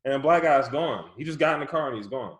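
A man in casual chat, telling an animated, profane story and laughing often. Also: mid-range voice, quick pace, reverberant. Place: his office.

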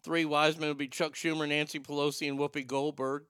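A man's voice: fairly high pitch, level tone, brisk, a bit bright, clean tone, no echo, clean studio sound. A man hosting a talk show, riffing in casual, irreverent, joking banter.

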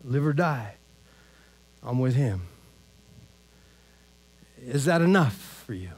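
A male pastor preaching a casual, conversational sermon, animated and tagging his lines with "man" and "all right?". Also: mid-range voice, slow pace.

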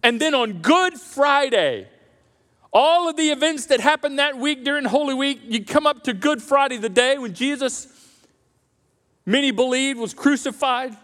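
A man preaching a sermon as pastor, animated and acting out the voices of the crowd. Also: extremely high pitch, normal speed. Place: church auditorium. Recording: reverberant church hall.

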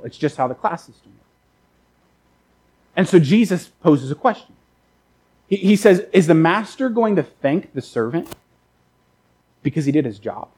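A man preaching a sermon in a loose, conversational way, stumbling over repeated words and filling gaps with "like." He slips into quick acted-out voices for the people in his examples, and his voice sits a bit higher than most men's. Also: darkish tone, low-quality recording. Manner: acts out characters in quoted asides. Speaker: pastor.

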